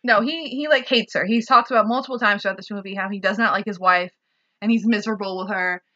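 A woman co-hosting a casual podcast chat, sarcastic and quick to swear and laugh. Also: mid-range voice, sharp tone, lo-fi sound. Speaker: podcast co-host.

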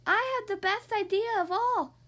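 A woman voicing a boastful male mummy in a children's storybook reading, with slow drawn-out lines. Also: very high voice, sharp tone, voice pushed up. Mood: proud.

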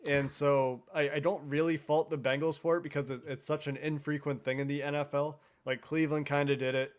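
A man from Cincinnati, a podcast host guesting on a sports show, talking in a measured, thoughtful way. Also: a little high, flat delivery. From Cincinnati, United States. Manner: measured, thoughtful, frequent restarts. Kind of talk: casual sports talk.

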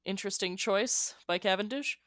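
A woman playing in a tabletop game, making quick, wry remarks. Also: mid-range voice, fairly bright tone, no room sound, clean studio sound. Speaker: player.

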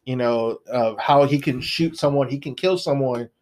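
Chill guy co-hosting a podcast, cusses, lots of yeahs, just recapping a story, mid-pitch voice. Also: normal speed, a little mellow. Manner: laid-back, profane, frequent laughs and agreeing yeahs. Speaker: podcast co-host. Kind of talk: casual chat.

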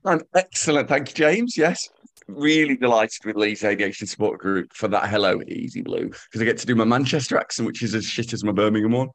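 Male podcast co-host, mid pitch, dry self-mocking humor. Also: brisk. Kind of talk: casual banter.

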